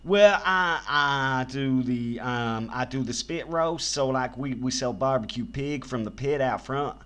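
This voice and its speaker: A man's voice: mid-range voice, measured pace, fairly bright tone. A man baiting a scammer on a prank phone call, teasing him with crude innuendo and often stammering as he talks. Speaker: scam baiter.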